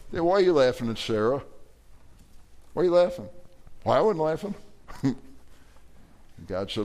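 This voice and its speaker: A middle-aged man, a pastor, preaching a verse-by-verse sermon in a folksy, animated way with playful asides. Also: on the high side, normal speed, long pauses.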